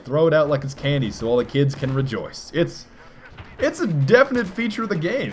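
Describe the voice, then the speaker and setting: Lively, jokey young man with game commentary. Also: on the high side, slight background noise. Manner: jokey, lively, breaks into silly voices and song. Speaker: gaming commentator. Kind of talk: gameplay commentary.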